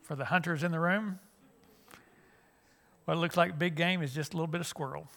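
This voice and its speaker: A man's voice: on the high side, fairly even intonation, fairly quick, gravelly, fairly bright tone. A middle-aged man, a youth minister giving a conversational church lesson with many fillers and restarts.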